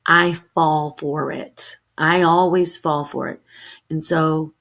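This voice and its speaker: This female streamer rants to her viewers live without a script, sounding heated and defensive as she jumps between points and starts sentences over. Her somewhat low voice is a bit bright with vocal fry, delivered in a steady tone at a slow pace.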